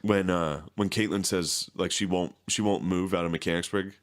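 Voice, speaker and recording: A young man with a very low voice in casual podcast chat. He is laid-back and dry, quick with short replies. Now and then he jumps into a shrill mock voice to quote someone. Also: fairly even intonation. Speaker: podcast co-host.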